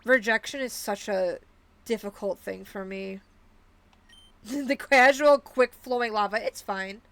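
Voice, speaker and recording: A woman's voice: mid-range voice, measured pace, a bit bright, dry recording. A young woman streaming a video game, chatting casually with her viewers in a rambling way full of fillers and restarts. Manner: rambling, many fillers and restarts, talks to chat. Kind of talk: casual live-stream chat while gaming.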